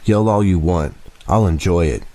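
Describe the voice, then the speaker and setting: A man voicing an unhinged teenage girl who has tied up her date, taunting him in a calm, mocking way. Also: deep voice, normal speed, natural voice. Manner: taunting, swings between calm and fury.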